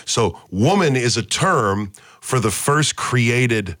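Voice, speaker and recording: A man's voice: medium pitch, lively intonation, slow, a bit bright, dry recording, studio quality. A man leading a casual Bible study discussion, quizzing the group with questions and repeating key words as he teaches.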